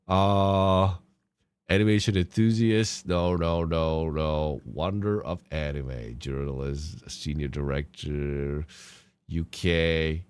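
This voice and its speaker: A man hosting a podcast, ranting casually with profane, animated outbursts. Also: very deep voice, slow pace, clear, resonant tone. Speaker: podcast host.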